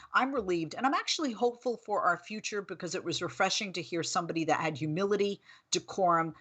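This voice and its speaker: A woman in her forties hosts a political talk show. Her voice sits fairly low, and she chats in a lively, storytelling way, with quick asides. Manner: chatty, animated storytelling with laughs.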